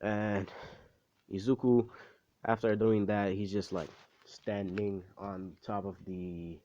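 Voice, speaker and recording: Low-voiced man rambling through a story. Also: level tone, slow pace, mellow. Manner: rambling, swears often, many fillers. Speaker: storyteller retelling a fan story. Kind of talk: casual storytelling. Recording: dull, dry lo-fi recording.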